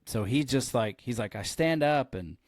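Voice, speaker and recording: A man of ordinary pitch hosts a podcast as a pastor, telling a long story in a relaxed, chatty way. He acts out the lines of the people in it as he goes. His voice sits close to the mic in a dry, dead room. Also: moderate pace, no echo. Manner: animated storyteller who acts out quoted lines. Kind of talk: storytelling in casual podcast chat.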